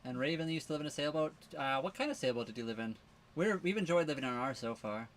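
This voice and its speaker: A man's voice: a little high, expressive, quick pace. A man co-hosting a casual livestream from his sailboat, answering viewer questions in a rambling way, full of fillers and restarts. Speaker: livestream co-host living on a sailboat.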